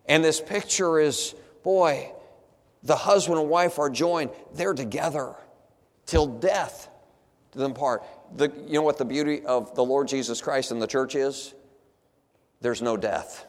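Male pastor mid-sermon, slightly high-pitched, emphatic, quizzing the pews, recorded in a reverberant sanctuary. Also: a little slow. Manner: emphatic, asks the congregation rhetorical questions. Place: church sanctuary. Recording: long hall reverb in a church.

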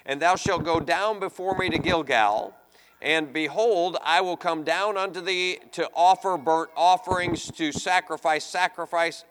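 A man delivers a sermon in a fairly high voice, moving between steady scripture reading and animated, pleading acted-out lines. His voice rings with a long reverb, as if in a large hall. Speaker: preacher.

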